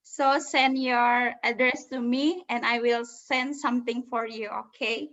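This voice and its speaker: A woman's voice: a little high, fairly even intonation, measured pace, a bit bright, muffled recording. A woman hosting an online English club in simple non-native English over a video call. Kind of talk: casual group video call.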